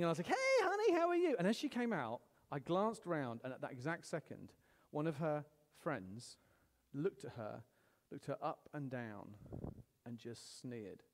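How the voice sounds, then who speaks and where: A middle-aged man preaching a sermon, animated, swinging between loud exclamations and hushed storytelling. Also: fairly high pitch, big-room sound.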